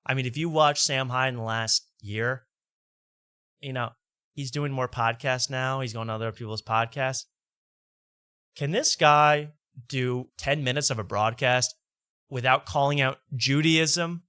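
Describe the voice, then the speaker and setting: Bright, dry-voiced male commentary host. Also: mid-range voice, unhurried, clear, resonant tone, no echo. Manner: wry, mocking, laughs as he talks. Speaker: host reacting to podcast clips. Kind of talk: casual commentary.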